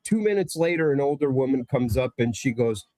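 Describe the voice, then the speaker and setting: A man's voice: mid-range voice, expressive, a little fast, dark tone, dry recording. Rambling storytelling man, dry sound. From Connecticut, USA. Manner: rambling, storytelling with many fillers. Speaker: guest presenter. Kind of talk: casual podcast chat.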